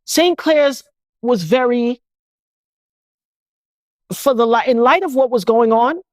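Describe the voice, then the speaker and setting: Animated woman recounting, close and dry. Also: fairly high pitch, slow pace, no room sound. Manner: animated, acts out others' voices, indignant questioning. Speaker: interview guest. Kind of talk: emotional first-person storytelling.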